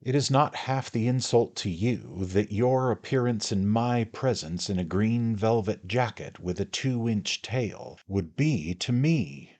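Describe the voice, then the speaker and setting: A man doing a stern, stately old gentleman. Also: on the low side, big pitch swings, unhurried, husky, pitched above the performer's own voice, exaggerated voice. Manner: stately, formal, indignant. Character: stout older gentleman with spectacles, stern.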